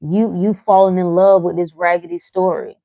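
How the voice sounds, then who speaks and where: A woman's voice: on the low side, level tone, moderate pace, creaky, no room sound, muffled recording. A woman hosting a live motivational talk, speaking frankly and profanely, teasing her listeners with short laughs as she reads their comments. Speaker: livestream host reading chat.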